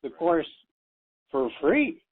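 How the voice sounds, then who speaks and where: A man's voice: on the high side, very animated, slow pace, a little hiss or hum. A man calling in to a radio show, grateful and effusive in his praise. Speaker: caller. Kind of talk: radio call-in. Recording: tinny phone line.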